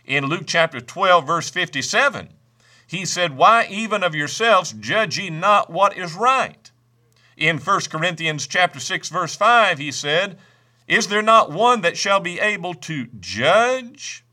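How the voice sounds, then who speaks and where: A man preaching a sermon, emphatic, slowing down to stress each scripture quote he reads. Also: high voice, animated, bright, forceful tone. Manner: reads scripture in old-fashioned wording.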